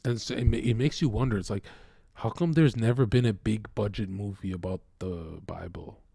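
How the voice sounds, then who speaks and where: A man ranting casually to viewers, profane and combative, swinging from loud outbursts to low mutters. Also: normal speed, creaky, husky, no echo. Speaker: streamer.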